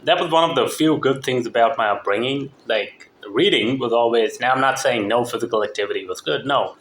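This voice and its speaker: A man's voice: mid-range voice, fairly quick, a bit bright, reverberant, a little hiss or hum. A man who did not grow up speaking English, with a partly Southern American accent, talking in a profane, rambling, opinionated monologue. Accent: mixed, partly American Southern.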